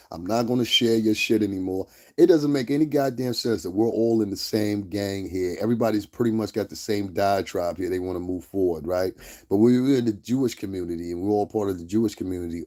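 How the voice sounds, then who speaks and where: A man with a very low, mellow voice rants on his livestream. He talks bluntly and heatedly, swears freely and keeps asking his viewers whether they understand him. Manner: blunt, heated, profane, repeats "you understand what I'm saying". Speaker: livestream host. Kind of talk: profane livestream rant.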